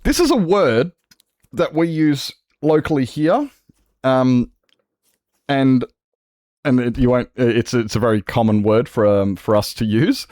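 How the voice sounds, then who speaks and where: A man's voice: mid-range voice, expressive, unhurried, pauses often, darkish tone, no echo, studio quality. A man chatting casually on a gaming livestream, swearing freely and laughing often. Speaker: streamer.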